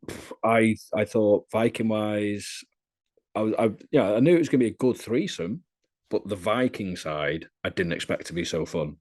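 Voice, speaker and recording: A young man talking casually as a podcast guest, telling stories in a lively, chatty way. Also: fairly low pitch, normal speed. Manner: lively, chatty storyteller, often laughing. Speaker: interviewee.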